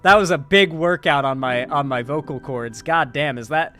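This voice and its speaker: A man's voice: on the high side, moderate pace, bright, forceful tone, soft background music. A man with a sore throat giving rambling, profane live-stream commentary, full of sarcastic asides.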